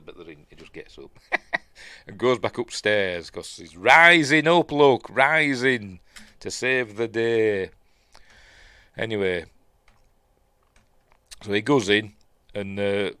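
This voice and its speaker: A man's voice: fairly low pitch, pushed and bright, no room sound. A man with a Yorkshire accent gives a casual, rambling watch-along commentary on a film, full of fillers and restarts, as host of his own show. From Yorkshire, England.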